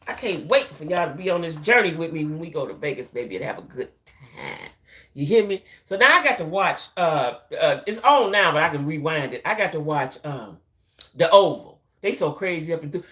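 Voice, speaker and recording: Hosting a casual live-stream chat for her YouTube viewers, this middle-aged woman speaks briskly in a deep, slightly bright voice with big pitch swings. Her talk is loose and repetitive, and she addresses everyone as "y'all."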